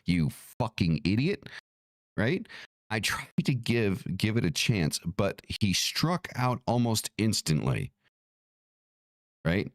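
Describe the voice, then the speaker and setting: A man's voice: fairly low pitch, sing-song, slow pace, dry recording, clean studio sound. A man hosting an occult livestream, ranting in a casual, profane, irritated way, with many restarts.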